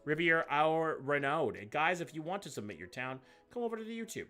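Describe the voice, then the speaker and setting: Bright-voiced profane streamer. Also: male voice, a little high, big pitch swings, fairly quick, soft background music. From Canada. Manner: loose, profane, joking, reacts out loud to what he sees. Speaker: livestream host. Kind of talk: live reaction stream, casual chat.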